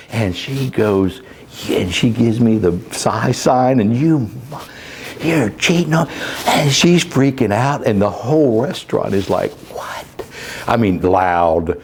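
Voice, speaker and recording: A man's voice: lowish voice, darkish tone. A middle-aged man, a caregiver, talks plainly in an interview, rambling with many fillers and restarts as he tells stories. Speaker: caregiver and sales coach. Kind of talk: candid interview storytelling. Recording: faint background noise.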